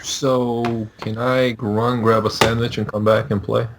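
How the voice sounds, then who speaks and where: A man guesting on a gaming podcast who throws in dry, teasing remarks. His voice sits in the middle range. Loud noise and clicks run under his mic. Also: medium pitch, flat delivery, measured pace. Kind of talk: casual gaming podcast chat.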